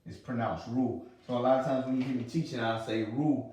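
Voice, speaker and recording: A man teaching pronunciation, repeating each sound slowly and patiently. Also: medium pitch, steady tone, dark tone, a little hiss or hum. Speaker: religious language teacher. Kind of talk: teaching a lesson. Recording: roomy sound from a distant mic.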